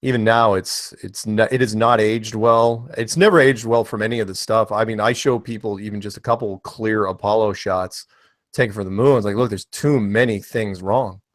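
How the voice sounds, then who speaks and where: A man's voice: lowish voice, fairly even intonation, moderate pace, no room sound. An American man hosting an online panel chat, rambling and joking in a casual way. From United States. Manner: rambling, joking, self-deprecating.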